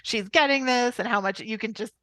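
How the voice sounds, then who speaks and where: A woman talking in a casual podcast chat, agreeable and quick to chime in. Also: on the high side, sharp tone, no room sound.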